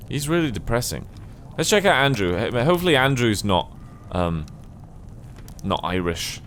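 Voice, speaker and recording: A man's voice: medium pitch, very animated, moderate pace, a bit bright, slight background noise. A man commenting casually on a game he is playing, with dry asides. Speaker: gameplay commentator. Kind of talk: casual let's-play commentary.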